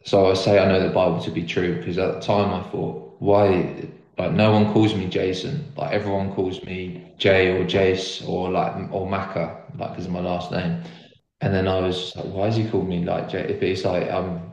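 A man's voice: low voice, level tone, moderate pace, darkish tone. A young man telling the story of his faith as an interview guest, earnest and rambling, with lots of "like" fillers. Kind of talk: casual conversational testimony. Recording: roomy echo.

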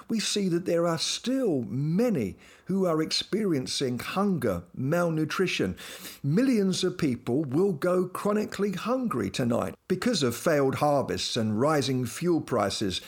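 Male host, devotional talk, playful storyteller, very expressive pitch. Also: unhurried, husky. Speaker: host and Christian speaker.

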